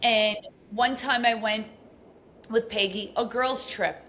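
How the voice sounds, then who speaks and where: A middle-aged woman, a podcast guest telling stories in a casual, animated way, full of fillers. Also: on the high side, slow pace, a little hiss or hum. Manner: animated, acts out quoted speech, frequent fillers. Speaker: podcast guest, abuse recovery coach. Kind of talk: casual storytelling interview.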